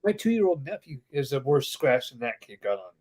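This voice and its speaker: A man chatting casually on a podcast as co-host, telling a story with lively, animated delivery and acting out the people he quotes. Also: medium pitch, moderate pace. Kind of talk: casual chat.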